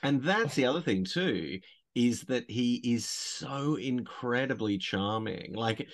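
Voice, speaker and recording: A man's voice: medium pitch, expressive, takes it slowly. A man co-hosting a podcast in casual chat, talking enthusiastically with rambling restarts. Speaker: podcast co-host.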